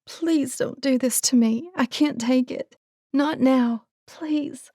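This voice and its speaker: A woman's voice: fairly high pitch, a little slow, creaky, a little mellow, dry recording, clean studio sound, pitched above the performer's own voice. A woman voicing a tearful young ranch woman. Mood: pleading. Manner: pleading, tearful, whispering soothingly.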